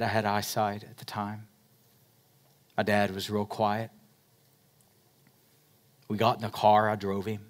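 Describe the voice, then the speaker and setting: A middle-aged male pastor, preaching a sermon and moving between loud emphatic passages and quiet, slow ones. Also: fairly low pitch.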